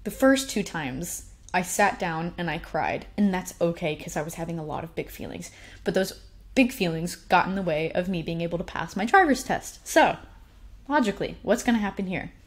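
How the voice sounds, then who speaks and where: A young woman shares a story from her own life in relaxed, spoken storytelling. Her voice sits a little low, and she talks with animated, self-deprecating humor, often breaking into laughs. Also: normal speed. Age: young adult. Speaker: speaker sharing personal stories. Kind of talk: casual storytelling talk.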